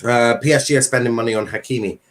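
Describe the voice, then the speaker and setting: A man's voice: mid-range voice, fast. A man hosting a casual football chat stream, talking in a rambling way with many fillers and restarts. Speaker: livestream host.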